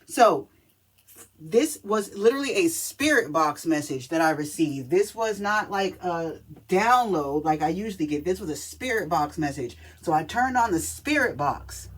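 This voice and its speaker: A woman's voice: lowish voice, expressive, normal speed, slightly rough. A woman talking casually to camera as a spiritual reader, chatty and emphatic, often checking in with the listener. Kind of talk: casual spiritual reading video.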